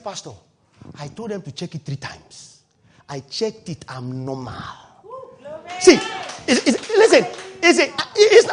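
A middle-aged man preaching a sermon, swinging from loud exclaiming to quiet asides. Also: breathy edge. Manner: animated, shifts from loud exclaiming to low asides. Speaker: pastor.

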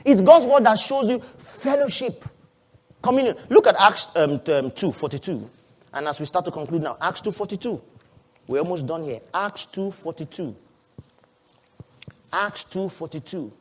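A man with a high voice preaches a sermon to his church. He swings between loud, rising calls and quiet, hushed asides, and he keeps asking the congregation questions. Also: lively intonation, normal speed, long pauses. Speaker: pastor.

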